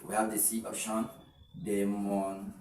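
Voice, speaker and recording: A man's voice: mid-range voice, normal speed, far from the mic, a little hiss or hum. Male tutor, walks students through stress rules step by step, recorded in an echoey room a bit away from the mic. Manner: explains step by step, counting syllables aloud, frequent fillers and restarts. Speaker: English tutor. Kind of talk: exam-prep lesson.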